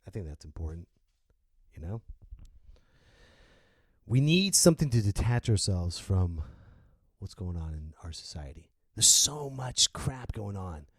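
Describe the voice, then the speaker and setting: A man hosting a solo podcast rant, swinging between loud outbursts and low muttering and laughing at himself. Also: sing-song, unhurried, long pauses, slightly rough, no room sound, studio quality. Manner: self-mocking, laughs at himself. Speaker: podcast host.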